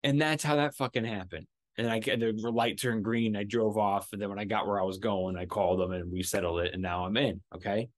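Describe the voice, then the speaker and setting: A man's voice: lowish voice, fairly quick, hardly any pauses, no room sound. Casual storytelling man, dry close sound. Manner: animated, profane storytelling with acted-out quotes. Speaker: podcast host.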